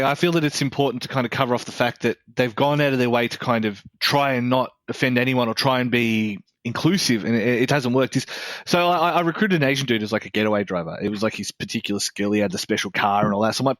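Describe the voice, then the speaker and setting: An Australian man with an ordinary, mid-pitched voice rambles through a casual podcast chat, cursing freely and restarting his sentences. The recording is dry and close, with no room sound around him. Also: fairly bright tone, dry recording. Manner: blunt, swearing, fast rambling with many restarts. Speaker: podcast co-host.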